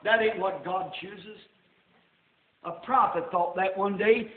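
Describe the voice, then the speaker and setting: An older man preaching a sermon in a church, folksy and rising to shouts. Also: high-pitched, fairly even intonation, slow. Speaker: pastor. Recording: tinny roomy old sermon tape.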